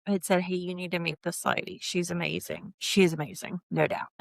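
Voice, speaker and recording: A woman, a guest talking candidly in an interview, earnest and full of restarts, with lively emphatic bursts. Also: on the low side, brisk, creaky, dry recording. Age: 50s.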